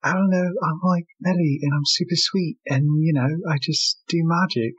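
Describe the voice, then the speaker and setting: Give me a bubbly young sorceress, as a man fakes her in a raised, husky voice. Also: a little high, normal speed, fairly bright tone, muffled recording, pitched above the performer's own voice. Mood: sugary. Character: sweet bubbly young female magic user.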